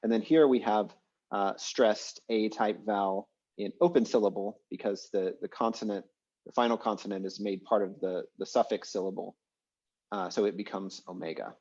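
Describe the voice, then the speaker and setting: A man with a fairly low voice leads an online class and talks through the material casually, with plenty of "um"s and "uh"s. His voice comes through a dull, lo-fi video-call microphone. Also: normal speed, breathy edge. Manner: relaxed, chatty explaining with many fillers. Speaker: online language teacher.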